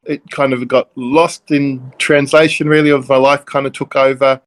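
A middle-aged man from Melbourne, a minister, telling stories in a relaxed conversational way that wanders off on tangents with self-deprecating jokes. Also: mid-range voice, normal speed. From Melbourne, Australia. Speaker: interview guest, Church of Christ minister.

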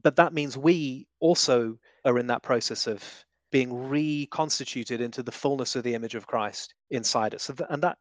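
A man's voice: medium pitch, no echo. A man guest giving conversational theological teaching, emphatic and full of vivid examples with shifting inflection.

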